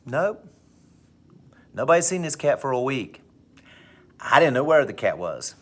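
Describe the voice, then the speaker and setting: A male teacher with a middle-pitched voice tells a personal anecdote to his students. He rushes through some parts and slows down for others, leaning into the story with plenty of expression. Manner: animated anecdote with big swings in pitch and pace. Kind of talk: storytelling in class.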